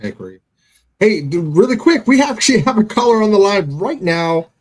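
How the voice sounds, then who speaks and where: Lively easygoing male call-in host. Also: high-pitched, normal speed, crowd noise. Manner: laughing, easygoing, thanks callers a lot. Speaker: show co-host. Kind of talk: live call-in show chat.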